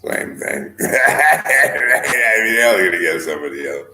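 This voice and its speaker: Deep-voiced rambling man, echoey room. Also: sing-song, takes it slowly, creaky, bright, forceful tone. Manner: digressive, fills speech with "you know" and "I mean", chuckles often. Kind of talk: rambling monologue. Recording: echoey room with faint ambient noise.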